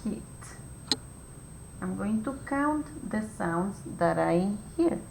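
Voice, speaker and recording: A woman teacher walks young children through a phonics lesson at an unhurried pace, spelling out each step with patient care. Her mid-range voice bounces around an echoey room, and a faint rumble sits underneath. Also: animated, a little mellow. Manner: slow, clear, patient step-by-step instructions.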